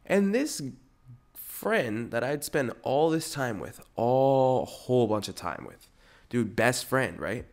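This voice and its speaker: A young man in his twenties rants to his podcast listeners in a loose, profane, animated way. His voice sits at an ordinary middle pitch, and he keeps breaking into exaggerated mocking voices. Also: moderate pace. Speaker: podcast host. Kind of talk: casual ranting monologue.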